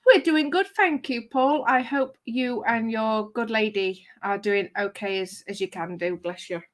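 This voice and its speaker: A woman with a fairly high voice hosts a casual livestream, reading viewers' comments aloud. She is chatty and giggly, and her pace is measured.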